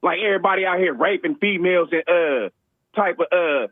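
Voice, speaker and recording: High-voiced man ranting on the phone. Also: a little fast, no echo. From Ohio. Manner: emphatic, slangy, indignant. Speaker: caller. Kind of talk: call-in rant. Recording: tinny phone line.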